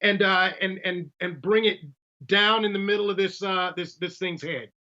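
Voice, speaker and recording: A tabletop game player talks casually, tripping over words and circling back. The voice is bright and clear in tone. The audio is dull and lo-fi, like a streamed call. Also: medium pitch, steady tone, normal speed. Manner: rambling, stumbling over words.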